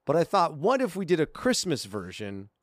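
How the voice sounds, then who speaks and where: A man's voice: fairly high pitch, wildly swooping pitch, moderate pace, no echo, studio quality. Chatty upbeat man co-hosting a podcast. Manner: chatty and upbeat, with frequent fillers. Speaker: podcast co-host. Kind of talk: casual chat.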